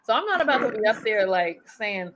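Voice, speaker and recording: A woman hosting a casual recap chat, talking in a chatty, animated way and laughing often. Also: medium pitch, fairly quick, noisy background. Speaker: podcast host.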